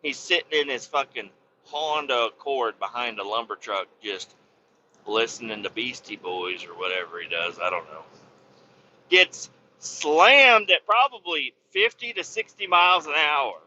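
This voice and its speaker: A man's voice: on the high side, muffled recording. A man hosting a podcast, casually telling a story with a lot of cursing and repeating himself. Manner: profane, animated, repeats himself.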